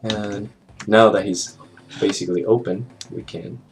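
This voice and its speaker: A man walking through an animation software tutorial in a casual, think-aloud way, with fillers and small jokes. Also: on the low side, flat delivery, measured pace, slight background noise. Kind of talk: screen-recorded software tutorial narration. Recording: clear background music under the voice.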